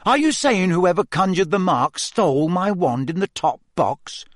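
A man's voice: sits high, very animated, normal speed, no room sound, pitched above the performer's own voice. Man reading as an earnest teen boy wizard, plain, slightly raised voice, dry sound.

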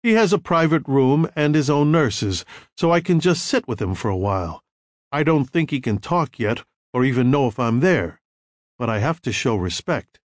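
A man voicing a guarded, wry young American ex-soldier in an audiobook, calm and dryly humorous. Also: mid-range voice, normal speed, no echo, studio quality, close to an everyday voice. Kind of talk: audiobook character reading.

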